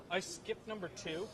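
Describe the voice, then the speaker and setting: High-voiced sarcastic camera guy. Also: a bit bright, poor audio. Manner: blunt, sarcastic, swears. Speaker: camera operator and co-host. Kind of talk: casual walk-and-talk chat. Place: busy convention hall.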